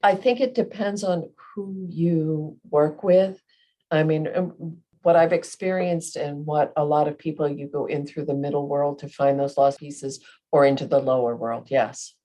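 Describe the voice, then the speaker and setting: A woman with a deep, dark-toned voice speaks a little slowly and with fairly even intonation. She's a medium co-hosting a spiritual podcast, rambling through casual spiritual chat and often pausing to search for her words.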